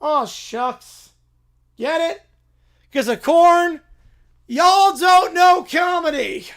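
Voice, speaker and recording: A shrill, goofy young corn-pun joker. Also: male voice, animated, slow pace, creaky, heavily acted. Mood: goofy, shouting. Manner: shouts the same pun catchphrase again and again. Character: goofy young man obsessed with corn puns. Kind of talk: comedic read-aloud of a viewer prompt.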